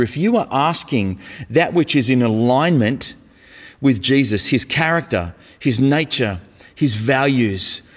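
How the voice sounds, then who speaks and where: Conversational male preacher in echoey hall. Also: mid-range voice. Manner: conversational, emphatic, uses casual slang. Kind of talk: sermon.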